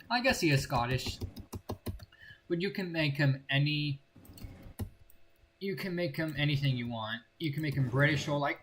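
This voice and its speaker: A man's voice: a little high, moderate pace, long pauses, a bit bright. Casting: young male gaming host, casual playful rambling commentary, faint hiss.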